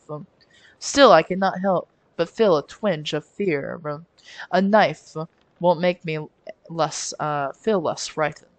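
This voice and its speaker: Woman reading a visual novel out loud on stream, slow and giggly, trips over words, dry close sound. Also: on the low side, no room sound. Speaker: let's play streamer.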